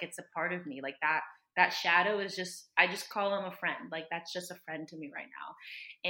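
A dietitian and author appears as a guest on a casual podcast, speaking in a low-pitched yet bright voice. She tells her story earnestly and from the heart, using lots of "like" fillers, and the room has a spacious echo.

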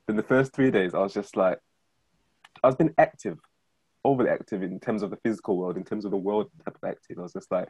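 Fast-talking husky man sharing his story. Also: on the low side, darkish tone, no echo. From Zimbabwe. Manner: fast, chatty, often asks "do you know what I mean?". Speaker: guest, freelance director. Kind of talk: personal testimony in conversation.

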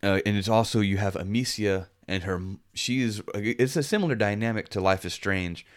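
Deep-voiced male podcast co-host, loose rambling chat, lots of ums. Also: normal speed, clean tone. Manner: relaxed, rambling, frequent fillers. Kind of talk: casual chat.

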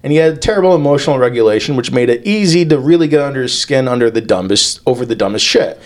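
Male podcast co-host, mid pitch, animated delivery, crude humor, casual. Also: fast. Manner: crude, joking storyteller who laughs often. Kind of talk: casual chat.

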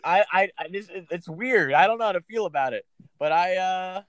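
Halting, slightly high-voiced podcast guy. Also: expressive, over a noisy crowd. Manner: hesitant, halting, laughs. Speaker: podcast co-host. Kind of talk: casual chat about wrestling.

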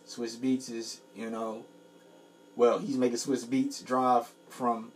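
A man co-hosting a casual comedy podcast, relaxed and playful, eager when he talks about music. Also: mid-range voice, slow pace. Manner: laid-back, enthusiastic about music, playful. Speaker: podcast co-host.

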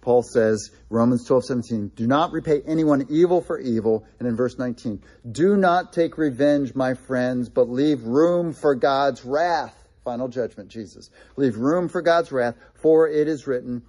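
Warm husky-voiced male preacher. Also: medium pitch, a little slow. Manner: earnest preaching, repeats key phrases for emphasis. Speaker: pastor. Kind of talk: sermon.

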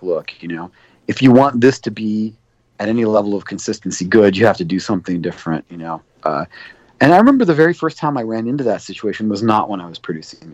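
Deep-voiced and casual, a male record producer spins long, meandering stories as an interview guest, leaning on fillers and performing the dialogue he quotes. There's no room sound; the audio is dull, dry, and lo-fi.

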